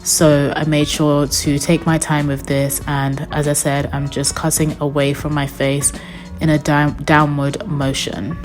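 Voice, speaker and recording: A woman's voice: low voice, little pitch movement, measured pace, faint music behind. A young woman narrating a wig install tutorial as a voice-over, chatty and upbeat, talking straight to her viewers. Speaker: beauty vlogger.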